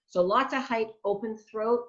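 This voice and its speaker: A woman's voice: fairly high pitch, moderate pace. A middle-aged woman giving a vocal masterclass, chatty and demonstrative, who sounds out example words as she explains. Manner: chatty, warm teaching asides. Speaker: vocal coach. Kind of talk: online masterclass teaching. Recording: dull lo-fi online audio.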